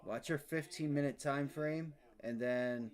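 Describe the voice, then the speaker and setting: A man's voice: fairly high pitch, unhurried. Profane, blunt man livestreaming trades. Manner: blunt, heavily profane venting. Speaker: day-trading livestreamer. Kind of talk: live trading stream commentary.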